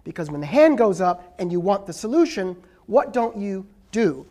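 A man's voice: high-pitched, big pitch swings, moderate pace, mellow. An emphatic male professor delivers a lecture to a live audience, pressing his points and fielding questions. He keeps checking in with his listeners, tagging his points with a questioning "right?".

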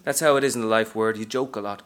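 A man's voice: on the low side, quick pace, fairly bright tone, clean tone, close to an everyday voice. A man reading aloud from a novel, narrating as a brash, streetwise aging woman hustler in a sassy first-person style. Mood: wisecracking.

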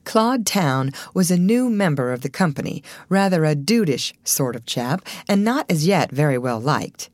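A woman narrating an old adventure novel in an expressive, varied reading voice. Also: sits low, normal speed, few pauses, no echo, studio quality. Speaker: audiobook narrator. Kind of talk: storybook narration.

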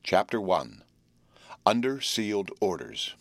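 A man narrating an audiobook in a measured storytelling manner. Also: low voice, lively intonation, dry recording.

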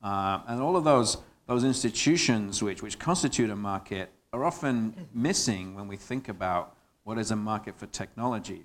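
Man, panelist, lowish voice, halting, lots of fillers. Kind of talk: panel discussion.

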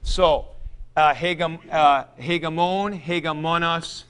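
A man's voice: on the high side, fairly even intonation, slow pace, noisy background. A man teaching a Greek grammar class, chanting noun forms aloud and taking questions from students in the room. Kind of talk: classroom lecture.

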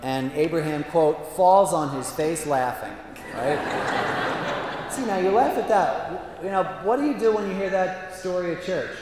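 A man who is a priest, telling self-mocking stories in a chatty way with lively asides during a talk to an audience. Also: sits high, unhurried, background noise. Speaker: Jesuit priest giving a talk. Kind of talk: humorous storytelling talk. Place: large hall with a live audience. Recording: echoey hall from a distance.

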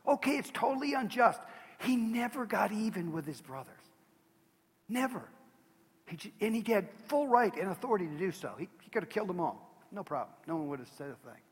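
A man's voice: high-pitched, very animated, brisk, breathy edge, in a large hall. A man preaching as a pastor, earnest and emphatic, pleading with his listeners. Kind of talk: sermon.

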